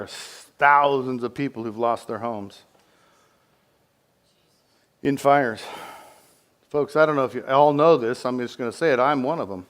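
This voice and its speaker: A middle-aged man preaching a sermon as pastor, with emphatic repeated phrases, swinging from loud passion to hushed intensity. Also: mid-range voice, measured pace, pauses often.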